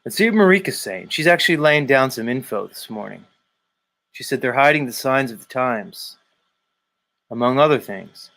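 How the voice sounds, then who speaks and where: A man with a medium-pitched, slightly bright voice hosts a daily live stream. Rambling casually, he reads viewer comments aloud and teases commenters by name.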